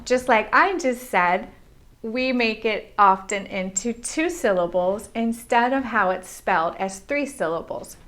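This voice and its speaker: An American woman teaching English pronunciation, slowly modeling and repeating example words. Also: medium pitch, a bit bright. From United States.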